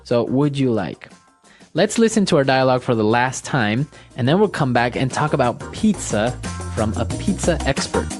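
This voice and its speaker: A man's voice: mid-range voice, big pitch swings, moderate pace, soft background music. A man co-hosting an English lesson podcast, explaining phrases and repeating them for learners. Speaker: co-host and English teacher. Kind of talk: casual teaching chat.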